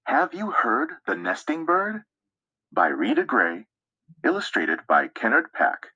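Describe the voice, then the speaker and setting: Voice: mid-range voice, huge pitch swings, measured pace, pushed and bright, slightly rough, dry recording, dull audio. A reader giving a children's picture-book read-aloud in a sing-song way, imitating the bird calls. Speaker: storybook reader.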